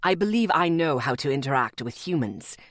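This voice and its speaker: A woman voicing a stern, protective man who is centuries old, speaking gruffly in a low, clipped way for an audiobook. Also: expressive, fairly quick, dry recording, clean studio sound.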